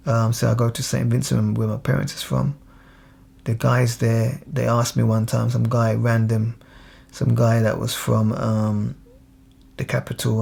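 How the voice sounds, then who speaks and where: A man's voice: mid-range voice, creaky, a little mellow, breathy edge. A man with a London accent, speaking in a reflective, casual monologue with frequent restarts and quoted voices. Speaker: speaker on identity.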